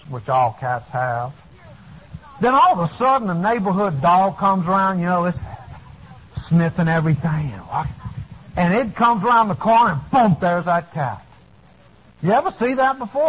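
A male preacher delivering a fiery sermon, shouting his points and then dropping to low asides, in a dull lo-fi recording.

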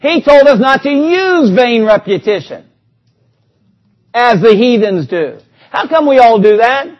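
High-voiced preacher, animated sermon. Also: male voice, unhurried, highs cut off. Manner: animated, conversational preaching with quoted scripture.

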